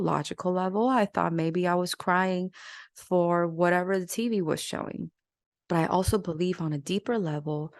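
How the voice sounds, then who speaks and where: A woman hosting her own podcast, talking in an earnest, gentle and confessional way. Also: fairly low pitch, no echo, studio quality. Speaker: podcast host. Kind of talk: reflective podcast monologue.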